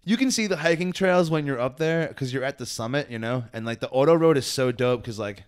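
A man's voice: mid-range voice, expressive, fairly quick, clean tone. A man co-hosting a podcast, telling a travel story in a laid-back, profane way with lots of "dude" and "man". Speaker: podcast co-host. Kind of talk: casual chat.

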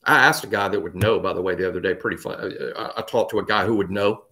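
Animated man talking college football. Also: low voice, fast talker. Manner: animated, repeats words when thinking. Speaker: podcast co-host. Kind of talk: casual sports talk.

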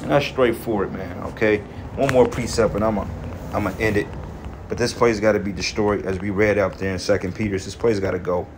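A man's voice: lowish voice, fairly even intonation, noisy background. Heated, profane man preaching scripture. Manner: profane, heated, ends phrases with "man" and "okay"; reads verses aloud in measured cadence. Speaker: scripture teacher. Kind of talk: angry scripture teaching.

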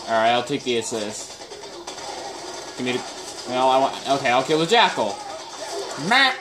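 A man's voice: medium pitch, very animated, normal speed. A man giving casual live gameplay commentary, chatting and reacting aloud with sudden exclamations and muttered groans.

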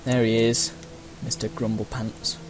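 Talking over loud game music and engine noise, a man narrates his racing game in a middle pitch with a flat delivery and measured pace. His let's-play chatter rambles between thoughts, full of frequent uhs and playful cheers.

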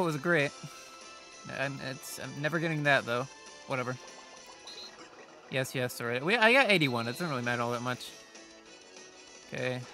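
A man's voice: medium pitch, bright, forceful tone. A man giving casual, rambling commentary while playing a video game, reacting aloud and joking at his own expense. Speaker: let's play host.

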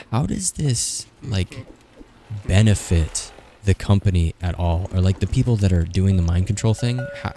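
A man's voice: low voice, mellow. A young man in his twenties doing casual, frantic gameplay commentary, swearing and joking to himself as he plays. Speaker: gaming streamer.

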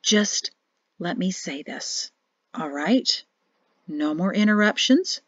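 A woman's voice: lowish voice, expressive, takes it slowly, breathy edge, no echo, dull audio, heavily acted. A woman reading the part of an earnest, flustered young man declaring his feelings. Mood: hesitant.

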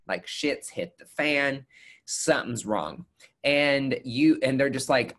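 Man, nurse injector, webcast guest, casual chat, animated storytelling. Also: mid-range voice, slow. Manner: animated storyteller, acts out quotes.

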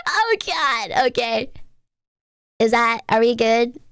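A woman's voice: on the high side, lively intonation, drawn-out words, a bit bright, clear, resonant tone, no room sound, studio quality. A young woman streamer talking playfully and teasingly, making goofy noises. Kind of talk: casual stream chat.

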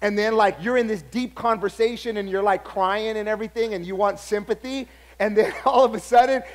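A man pastor preaching a sermon, telling stories with lively acted-out dialogue. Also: sits high, fairly quick. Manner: animated storytelling, acts out other people's lines.

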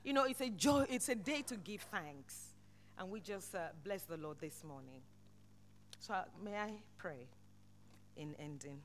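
A woman preaching a sermon in church, swinging between loud, impassioned exhortation and soft, hushed lines. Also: lowish voice, expressive, measured pace, slight background noise.

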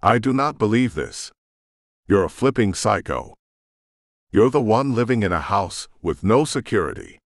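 A man narrating an audiobook and voicing an angry, defensive young woman with a sharp, accusing manner. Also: lowish voice, big pitch swings, moderate pace, no room sound, studio quality. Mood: indignant. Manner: indignant, accusing.

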